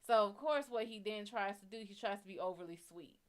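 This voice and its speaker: A woman's voice: mid-range voice, quick pace, few pauses, clear, resonant tone. A woman hosting a show, telling a story in a blunt, profane and heated way. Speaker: psychic reader and show host. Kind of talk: casual storytelling.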